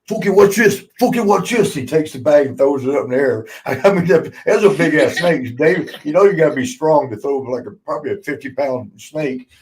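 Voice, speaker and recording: A man's voice: medium pitch, a little mellow, rough recording. A man hosting a podcast, telling old road stories in a loose, casual chat, laughing often, swearing freely and acting out the people he quotes. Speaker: podcast host, former wrestler.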